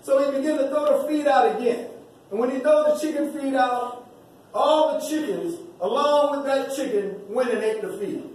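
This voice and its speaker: A man's voice: very high voice, normal speed, a little mellow. A man giving a preaching-style graduation speech, telling a story with repeated rhythmic phrases, heard from a distance in a large hall. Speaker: graduation speaker. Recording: very echoey hall, distant voice, faint noise.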